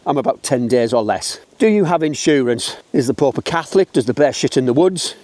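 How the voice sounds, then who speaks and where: Walking uphill outside and a bit winded, a middle-aged wedding photographer with a British English accent vlogs casually to camera in a blunt, chatty way. He speaks briskly at medium pitch with lively intonation and a slightly mellow tone, on a dry recording.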